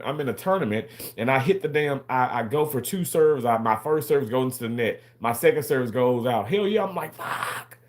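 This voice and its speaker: A man hosting a casual livestream, rambling and repeating himself as he answers and argues with viewers in the chat. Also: a little high.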